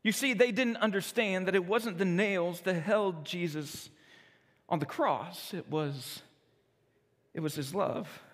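A man narrating a children's storybook, expressive and dramatic, slowing for solemn moments, with long reverb. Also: high-pitched.

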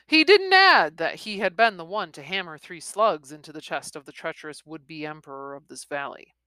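Excitable book reviewer lady, bright lowish voice, dry close sound. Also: moderate pace, no room sound. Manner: chatty and excitable, with restarts and exclamations. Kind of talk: casual reading vlog, reading a western novel aloud.

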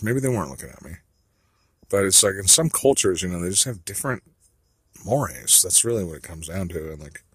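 A man's voice: sits low, husky, no echo. A man telling a rambling, profane personal monologue who keeps second-guessing himself. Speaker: vlogger.

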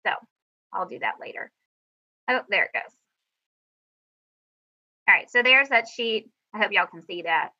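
A woman's voice: fairly high pitch, highs cut off. A woman band director giving a chatty, upbeat, self-deprecating presentation over a video call. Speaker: middle school band director. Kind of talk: teacher presentation over screen share.

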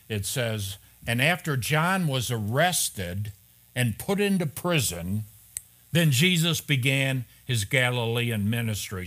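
Bright-voiced man preaching conversationally. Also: mid-range voice. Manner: conversational, with fillers and rhetorical questions. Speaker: pastor. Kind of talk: expository sermon.

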